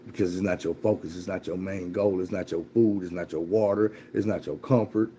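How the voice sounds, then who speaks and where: A man's voice: sits low, steady tone, fairly quick, mellow, a little hiss or hum. A man telling a motivational story in a blunt, profane, repetitive way.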